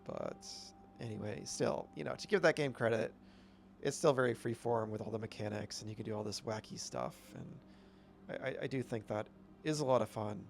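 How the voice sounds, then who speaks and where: A man's voice: on the low side, moderate pace, vocal fry, slight background noise. Rambling man streaming a game. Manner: rambling, self-correcting, upbeat. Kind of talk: casual gameplay commentary.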